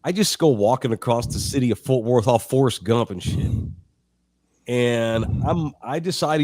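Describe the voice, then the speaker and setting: A middle-aged man from Texas tells stories on a sports podcast in a casual, profane way, laughing as he goes. His pitch swings widely as he talks. The sound is dry and close, with no room echo. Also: moderate pace. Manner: animated, profane, laughs while telling stories. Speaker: sports radio co-host.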